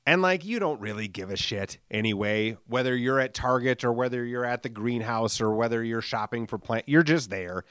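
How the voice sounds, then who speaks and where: This late-thirties podcast host talks alone at medium pitch and normal speed, barely pausing, his tone clear, resonant and a bit bright. He rambles casually, full of fillers, swearing and jokes at his own expense. A studio microphone gives studio-quality sound with no room noise.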